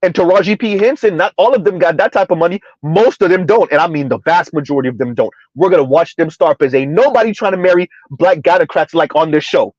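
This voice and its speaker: A high-voiced man delivers sarcastic reaction commentary with heavy emphasis. He slows down to stress phrases and keeps checking in with a rhetorical "huh?". The recording is dry and a little muffled. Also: a little mellow, no echo. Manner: emphatic, sarcastic, drawn-out repetition with frequent "huh?". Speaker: commentary channel host. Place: South Florida.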